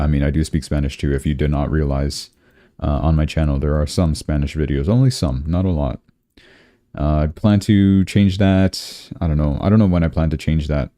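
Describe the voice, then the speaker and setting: Low-voiced, chatty young man livestreaming. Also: mellow, no echo, clean studio sound. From Canada. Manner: rambling, chatty, says "dude" often. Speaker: crypto livestream host. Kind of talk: casual livestream chat.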